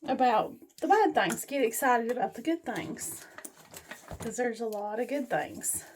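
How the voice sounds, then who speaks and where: A woman talks to her viewers in a relaxed vlog. Her voice sits high and her pace is slow and unhurried. She gives a homespun, faith-based pep talk. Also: a little hiss or hum. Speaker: vlogger. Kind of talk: casual encouraging vlog talk.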